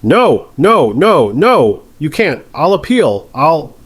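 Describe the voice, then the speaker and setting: A man's voice: on the low side, steady tone, normal speed, dry recording, natural voice. A man voicing a spoiled, entitled rich young woman who screams defiantly in a courtroom story. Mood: furious screaming.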